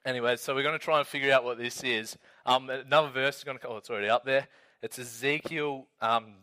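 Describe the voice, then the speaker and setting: A man's voice: mid-range voice, pushed and bright. A young man, a youth leader telling a story and reading scripture in a chatty, casual way full of "like" and "um".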